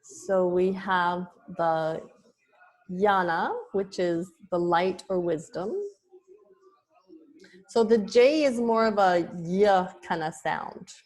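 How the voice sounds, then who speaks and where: Slow, patient woman yoga teacher. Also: fairly low pitch, darkish tone. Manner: slow, patient explaining with small restarts. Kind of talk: online lesson on terminology.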